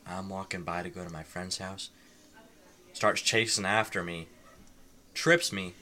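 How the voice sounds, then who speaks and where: A man's voice: sits low, fairly even intonation, measured pace, sharp tone. A young man co-hosting a casual podcast chat, telling stories and laughing often. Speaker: podcast co-host.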